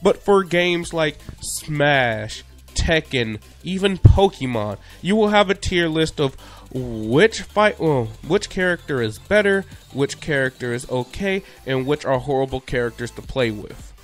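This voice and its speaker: A man's voice: a little high, lively intonation, measured pace, faint music behind. A young man narrating a casual video commentary in a playful, conversational way with jokey asides.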